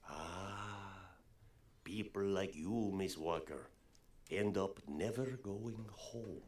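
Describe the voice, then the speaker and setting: A brooding, cryptic colonel in charge of a forgotten outpost. His voice sits very low and he speaks slowly and heavily, often letting his words sink into a half-whisper. A faint hiss sits under the voice. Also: darkish tone. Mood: wry. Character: gloomy cryptic small-town male colonel. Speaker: administrator of a remote outpost. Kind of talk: video game voice acting.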